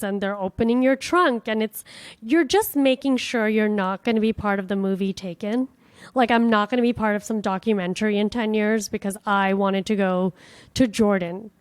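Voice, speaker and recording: A woman from the United States hosting a podcast, telling a travel story in a chatty, animated way with casual swearing. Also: on the high side, dry recording. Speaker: podcast host.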